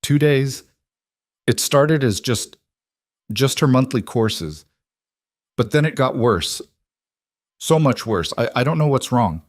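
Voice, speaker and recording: A grieving young husband, read by a man stammers out halting, desperate words. He sounds broken and unsteady. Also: mid-range voice, lively intonation, no room sound, clean studio sound, voice pushed up.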